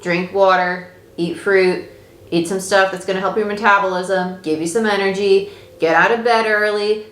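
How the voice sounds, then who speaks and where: A woman's voice: medium pitch, fairly even intonation, moderate pace, fairly bright tone. A woman giving a casual, chatty tarot reading, reassuring her listeners and swearing now and then. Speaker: tarot reader. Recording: echoey room with faint noise.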